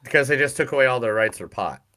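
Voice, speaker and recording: A man's voice: mid-range voice, expressive, quick pace, bright, forceful tone. A man co-hosting a movie podcast in loose, joking casual chat. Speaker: podcast co-host.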